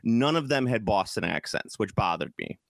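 A man's voice: on the low side, very animated, normal speed, vocal fry, no echo. A man from Chicago co-hosting a casual podcast chat, rambling with lots of restarts and fillers. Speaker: podcast co-host.

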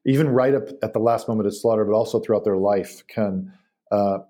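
A man talks casually as a podcast guest and slips easily into animated anecdotes. His voice sits low and warm, with a slightly husky edge. He speaks in loose runs broken by fillers and restarts. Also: fairly quick. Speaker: guest expert on beef.

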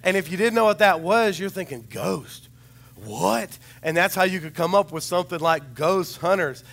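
A man preaching a sermon, with a chatty, rambling storytelling manner and a slightly hoarse voice. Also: high voice, fairly quick, a bit bright. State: hoarse, recovering voice.

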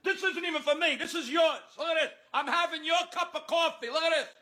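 A manic, high-pitched man playing a coffee-crazed fellow who shouts the same offer again and again. The voice is bright and piercing, with a wild, repetitive energy. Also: fast talker. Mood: manic shouting. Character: frantic man pushing coffee on everyone.

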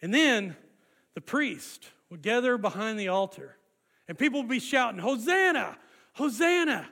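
Male preacher, bright high voice, lively, gets the congregation to join in. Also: moderate pace. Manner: animated, leads congregation in call-and-response. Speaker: pastor. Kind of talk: sermon.

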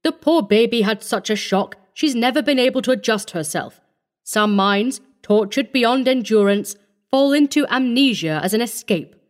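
A woman voicing a brisk, fussy middle-aged orphanage matron in an audiobook reading, talking in a commanding way. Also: fairly high pitch, lively intonation, lightly acted. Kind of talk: audiobook character voice.

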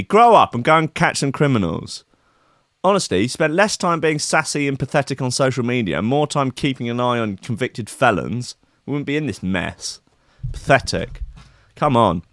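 A man's voice: medium pitch, a bit bright, no echo, clean studio sound. A man reading out news stories and mocking them in a sarcastic, exasperated rant. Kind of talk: ranting news commentary.

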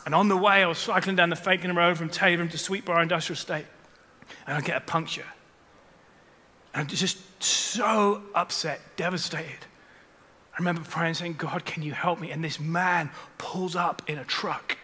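A man, preaching a sermon and telling stories with loud bursts and hushed asides. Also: on the high side, moderate pace, in a large hall. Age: 40s. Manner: animated storytelling, swings between loud bursts and hushed asides. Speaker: pastor. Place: large church hall.

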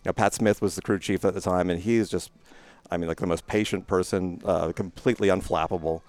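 A middle-aged man with a lowish voice tells stories as an interview guest. He rambles in a relaxed way, full of fillers and restarts, and laughs easily at himself. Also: quick pace, no room sound. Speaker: guest, retired racing driver. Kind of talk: casual storytelling interview.

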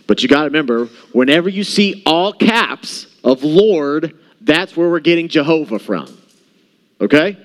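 A man preaching a sermon in a church, talking conversationally and often checking in with the congregation. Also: medium pitch. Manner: conversational, asks the room questions. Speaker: pastor.

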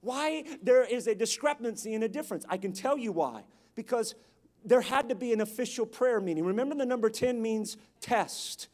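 Male preacher, high voice, rhythmic sermon delivery, rises to loud emphatic peaks. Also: animated, moderate pace.

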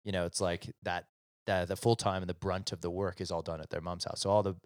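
A man's voice: sits low, little pitch movement, quick pace, no room sound, studio quality. A middle-aged man chatting casually and rambling through a family story, with plenty of fillers and acted-out dialogue. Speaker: divorced father sharing his story. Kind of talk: casual conversational chat.

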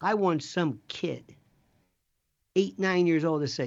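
A man's voice: on the high side, slow, gravelly, long pauses, lo-fi sound. A middle-aged man, a former prosecutor, talking as a guest in a rambling, emphatic, jokey way that keeps drifting into side stories. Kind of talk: animated conversational storytelling.

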